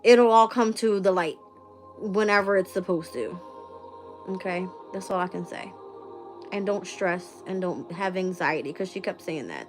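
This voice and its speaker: A woman's voice: fairly low pitch, unhurried, faint music behind. A woman hosting a tarot channel in a casual live-stream chat, blunt and profane and laughing often. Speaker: tarot reader and channel host.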